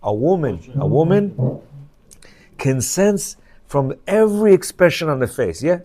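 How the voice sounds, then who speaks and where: A man's voice: a little high, very animated, measured pace, dark tone. A man reads from a book to a men's class and explains it in a chatty way, often asking his listeners if they follow. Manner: conversational, repeats questions to the listeners. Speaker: Torah class teacher.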